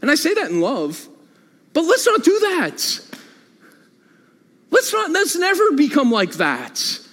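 Animated preaching man in a reverberant hall. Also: very high voice, takes it slowly. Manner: animated preaching with repeated phrases. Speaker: pastor. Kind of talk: sermon. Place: church sanctuary.

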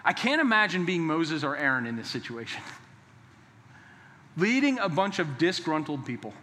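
A man preaching from the pulpit in a high, bright voice that carries a long echo through the sanctuary. He drives his points home by repeating them with force, then loosens up with quick jokes before turning serious again. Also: big pitch swings. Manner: emphatic and repetitive, with joking asides. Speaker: pastor. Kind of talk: sermon. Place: church sanctuary. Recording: long reverb of a large hall.

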